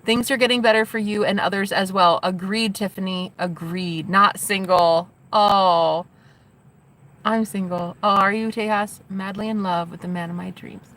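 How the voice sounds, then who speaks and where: Gushing, excitable woman live streamer. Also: mid-range voice, moderate pace. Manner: gushing and excitable, swears casually. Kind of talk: casual live stream chat.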